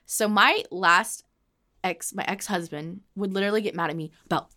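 A woman co-hosting a casual podcast chat who talks candidly and goes hushed on hard memories. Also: medium pitch, normal speed. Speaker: podcast co-host.

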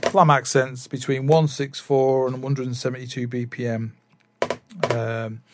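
A man's voice: mid-range voice, little pitch movement, unhurried, background noise. A man chatting casually about drum practice, rambling with many fillers and restarts. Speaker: drummer vlogger. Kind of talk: casual chat.

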